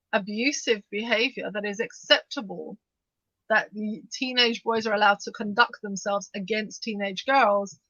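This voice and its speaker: A woman co-hosting a podcast, talking fast and animatedly in bursts, with frequent restarts as she discusses the news. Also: fairly high pitch, bright, forceful tone, no room sound. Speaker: podcast co-host. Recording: dull, dry lo-fi sound.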